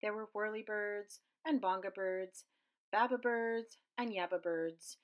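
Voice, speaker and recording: A woman reading a children's picture book aloud with very expressive swings in pitch and loudness. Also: a little slow, highs cut off. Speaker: storyteller.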